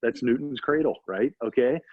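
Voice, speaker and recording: A man's voice: medium pitch, moderate pace, no echo. A man, a doctor being interviewed, telling a story with emphatic repetition. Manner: emphatic, repeats for effect. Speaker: guest, doctor. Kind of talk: animated storytelling in conversation. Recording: dull lo-fi audio.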